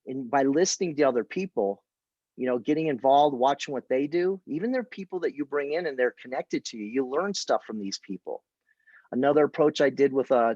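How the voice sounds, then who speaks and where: A man gives a casual training talk on presenting a business opportunity, telling stories and quoting conversations as he acts them out. His voice is mid-range and darkish, with a dry, dull-sounding recording.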